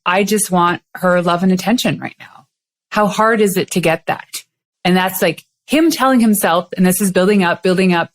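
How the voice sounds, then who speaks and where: Chatty woman podcast host. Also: mid-range voice. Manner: chatty, playful, reflective. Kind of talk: casual interview chat.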